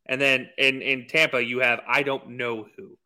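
A young man co-hosting a sports podcast, relaxed and jokey, with plenty of "uh" and "you know" between his thoughts. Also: mid-range voice, moderate pace. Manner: laid-back, filler-heavy, jokey. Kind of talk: casual sports chat with ad reads.

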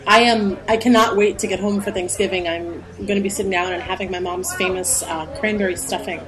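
A woman co-hosting a casual comedy podcast, telling things in an animated, rambling way. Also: fairly low pitch, a little fast, low-quality recording. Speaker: podcast co-host.

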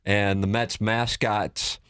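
A man's voice: fairly low pitch, little pitch movement, takes it slowly, fairly bright tone, clear, resonant tone, no room sound. A man hosting a sports radio show, chatting casually and teasing his co-host while reading out listener texts.

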